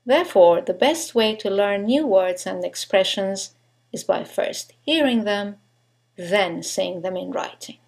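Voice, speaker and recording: Slow, deliberate woman teaching English. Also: medium pitch, animated, vocal fry. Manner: slow, deliberate, stresses example words. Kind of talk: scripted pronunciation lesson.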